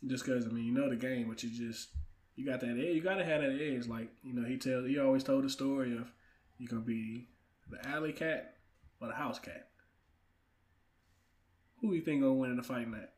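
A man's voice: mid-range voice, a little fast, pauses often, a little mellow. A young man, a guest on a casual podcast, talking with confident, playful bravado about family and coaching. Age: young adult. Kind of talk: casual chat.

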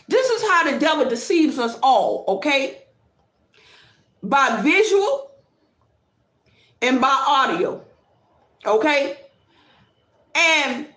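A woman with a high voice that swoops widely talks slowly and repeats herself as she chats with viewers on a live stream. She laughs often and calls out greetings. The sound carries an echoey room. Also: big pitch swings, a bit bright. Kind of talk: casual live-stream talk.

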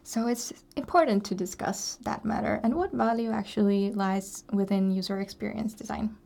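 A woman's voice: mid-range voice, moderate pace, vocal fry, a little mellow. A woman co-hosting a radio show, explaining topics in a friendly, chatty way with small laughs. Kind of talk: casual radio chat.

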